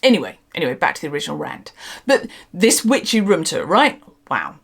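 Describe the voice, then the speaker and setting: A woman's voice: deep voice, a little fast, vocal fry, breathy edge. A woman hosting her own vlog, ranting in a sarcastic, exasperated way and swearing for emphasis. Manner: animated, emphatic delivery. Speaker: channel host.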